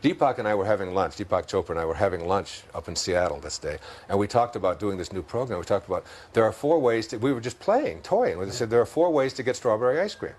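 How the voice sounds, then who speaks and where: Detroit guy being interviewed, husky voice, thoughtful spiritual talk, laughs a lot. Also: sits low, animated, fast talker, few pauses, darkish tone. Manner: thoughtful, laughs often while telling stories. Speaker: interview guest.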